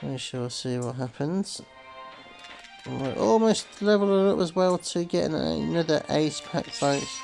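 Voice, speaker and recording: A man's voice: mid-range voice, vocal fry, poor audio. A man hosting a slot game video, rambling casually to viewers with lots of "sort of" fillers and calling them folks. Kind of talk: casual gameplay commentary.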